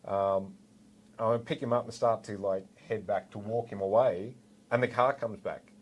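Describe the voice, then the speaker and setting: A man's voice: lowish voice, measured pace, low-quality recording. An Australian man, a former police officer, telling a story in casual chat and acting out what people said. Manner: animated, acts out quotes.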